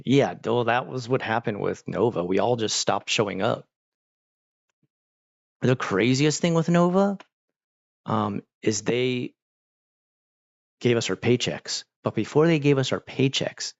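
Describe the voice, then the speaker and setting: A man's voice: on the low side, vocal fry, no room sound, lo-fi sound. A man telling rambling stories with many fillers as he chats casually with viewers. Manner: rambling, storytelling with lots of fillers. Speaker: streamer.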